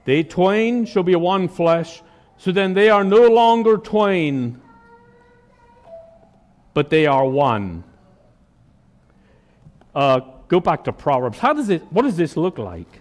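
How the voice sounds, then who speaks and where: A man's voice: on the high side, sing-song, slow, long pauses, in a large hall. A man preaching a sermon to a congregation, emphatic and folksy, often putting questions to the listeners. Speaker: pastor.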